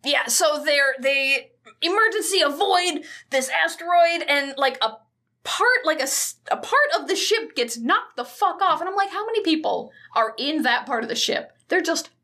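A high-pitched woman with a very lively, bouncing delivery co-hosts a podcast and recaps a movie in casual chat. Her voice is bright and sharp, she swears freely, and she slips into the characters' lines as she tells the story. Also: moderate pace. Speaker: podcast co-host.

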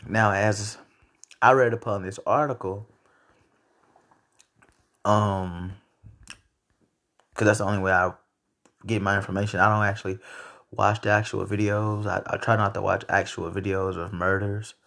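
Low gravelly man ranting casually. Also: a little slow, long pauses. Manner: loose, profane, rambling, animated outbursts. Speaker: podcast host. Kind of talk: casual solo commentary.

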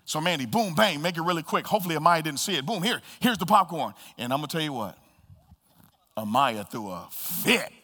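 A man preaching a sermon as pastor, swinging between loud bursts and hushed asides. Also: on the high side, expressive, a little fast. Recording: reverberant hall.

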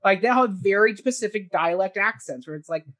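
A man's voice: sits high, animated, a little fast, fairly bright tone. A man reviews a stage production with his co-hosts in a loose, chatty way. He is opinionated and full of fillers and self-corrections. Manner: opinionated, lots of "like" and restarts. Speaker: theatre reviewer. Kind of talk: casual podcast review chat.

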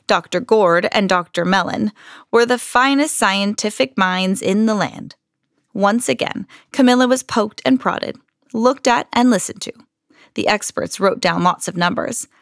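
A woman hosting a podcast, reading a children's picture book aloud in an expressive storytelling manner. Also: mid-range voice, unhurried, no room sound, clean studio sound.

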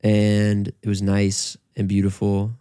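A young man co-hosting a casual podcast, chiming in with laid-back, deadpan remarks. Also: fairly low pitch, takes it slowly, smooth, no room sound, studio quality. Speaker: podcast co-host. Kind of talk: casual chat.

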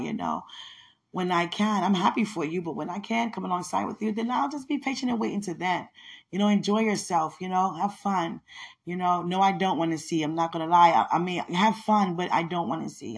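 A woman in her late thirties talking in a casual monologue, affectionate and prayerful, often breaking into laughter. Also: on the low side. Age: late 30s. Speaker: podcaster.

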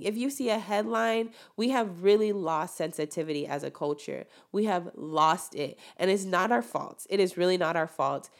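A young woman delivers a casual opinion monologue as host, her voice sitting slightly low for a woman. She talks in an animated, preachy way and jumps to loud emphatic peaks.

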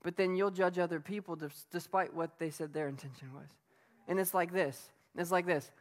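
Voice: medium pitch, fairly even intonation, moderate pace. A preacher giving a sermon in an emphatic, conversational way, asking the listeners rhetorical questions. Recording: long reverb of a hall.

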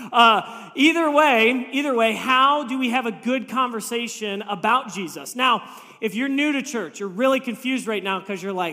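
Male pastor, sermon, humorous storytelling, quoted voices, long hall reverb, bright tone. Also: extremely high pitch, brisk. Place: church sanctuary.

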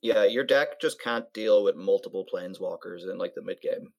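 A man in a casual card-game chat, speaking in a relaxed, matter-of-fact way. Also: low-pitched, normal speed, vocal fry.

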